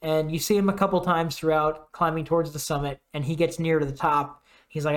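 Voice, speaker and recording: A young man co-hosting a podcast, chatting casually and animatedly retelling scenes with quick put-on voices. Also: a little high, steady tone. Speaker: podcast co-host. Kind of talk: casual chat.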